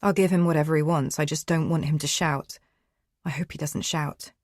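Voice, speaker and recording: Low-voiced woman narrating. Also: fairly even intonation, moderate pace, darkish tone, dry recording, studio quality. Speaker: audiobook narrator. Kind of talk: first-person thriller narration.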